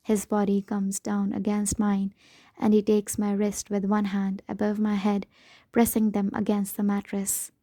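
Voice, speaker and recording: Woman reading an audiobook, dramatic emotional delivery, mellow tone, dry close sound. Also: mid-range voice, completely flat delivery, a little slow, dry recording. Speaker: audiobook narrator. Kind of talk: first-person audiobook narration.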